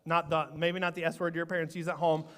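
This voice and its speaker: A man's voice: fairly high pitch, flat delivery, fast talker, a bit bright. A man leading a playful children's sermon in church, teasing and quizzing the kids. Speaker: children's pastor. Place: church sanctuary. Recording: echoey church sanctuary.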